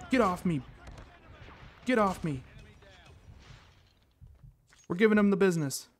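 A man with a high voice talks through his own match as a gaming channel host. He reacts with quick bursts of excitement and drops playful catchphrases between plays, recorded on a desk mic. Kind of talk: casual gameplay commentary.

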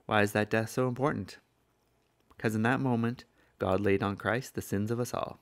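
A man's voice: on the low side, steady tone, moderate pace. An older man from the States, preaching a sermon in an earnest storytelling manner. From southern United States. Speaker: evangelist preacher.

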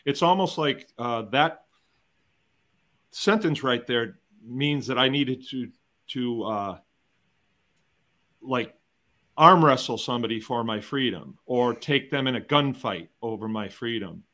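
A man's voice: medium pitch, slow, long pauses, fairly bright tone. Emphatic middle-aged American man talking. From United States. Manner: conversational, emphatic, with rhetorical questions; repeats words and restarts often. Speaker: guest farmer and educator. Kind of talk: round-table conversation.

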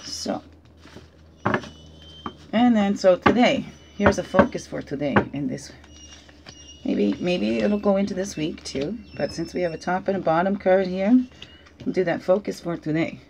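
A woman's voice: lowish voice, expressive, a little slow, vocal fry, pauses often, noisy background. Reflective woman giving a card reading. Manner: reflective, asks many questions, often adds "right?"; gently joking, laughs at herself. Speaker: spiritual teacher giving a weekly oracle card reading. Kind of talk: casual guided card reading. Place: at home.

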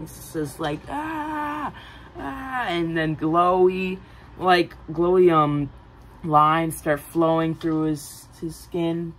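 A woman casually pitching a film idea, rambling with many fillers and giggly asides. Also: a little hiss or hum, rough recording. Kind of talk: casual movie-pitch chat.

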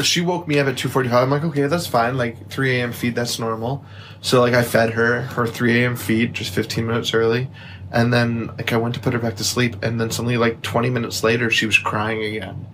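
A man's voice: medium pitch, little pitch movement, brisk, a bit bright, slight background noise. A young man, a new father, telling a rambling story in casual podcast chat and filling it with "like". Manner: rambling, lots of "like", laughs often. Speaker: podcast co-host.

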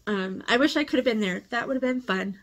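A woman's voice: on the high side, brisk. A woman hosting a casual unboxing vlog, gushing and emotional, teary and laughing often as she talks. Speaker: channel host.

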